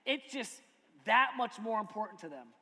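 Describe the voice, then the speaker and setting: A man co-hosting a casual chat as a pastor, animated and storytelling with loud bursts. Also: high voice, normal speed. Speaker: pastor and co-host. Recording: long hall reverb.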